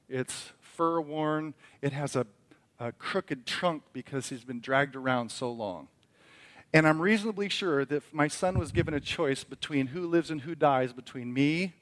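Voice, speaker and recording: A middle-aged man preaching as a pastor, telling a family story that moves from quiet reflection to emphatic preaching. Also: mid-range voice. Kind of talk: sermon.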